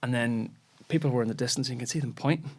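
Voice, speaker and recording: A Northern Irish man spins an animated story in relaxed podcast chat. He laughs often as he talks, with the easy delivery of a radio presenter. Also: mid-range voice, racing, slightly rough.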